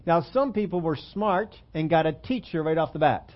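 A man with a fairly high voice preaches in an easy, conversational way, teasing himself and turning to the congregation with questions. The recording is dull and lo-fi. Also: expressive, normal speed. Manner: conversational, self-deprecating, asks the congregation questions. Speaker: pastor. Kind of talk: sermon. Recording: dull lo-fi sermon audio.

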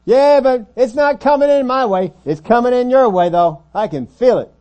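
A man voicing a bickering man yelling across the house at someone who left a door open. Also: very high voice, lively intonation, moderate pace, pitched above the performer's own voice. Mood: exasperated yelling. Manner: shouting, exasperated.

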